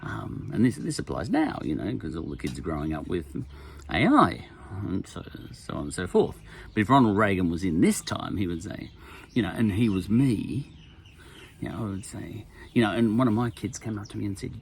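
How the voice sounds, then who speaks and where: A man's voice: on the low side, very animated, moderate pace, gravelly, a little hiss or hum. An Australian man in his sixties, talking casually in a rambling podcast monologue, full of wry asides and chuckles. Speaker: podcast host.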